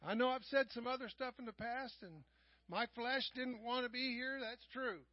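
A middle-aged man preaching a sermon in church, swinging from quiet asides to loud raised passages. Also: very high voice, moderate pace, no room sound. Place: church sanctuary. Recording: dull, lo-fi church live stream.

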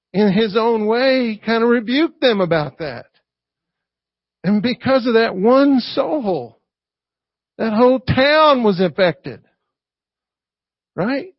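High, gravelly-voiced folksy preacher man. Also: no room sound, highs cut off. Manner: folksy, peppers points with rhetorical "right?". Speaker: pastor. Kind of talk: conversational sermon.

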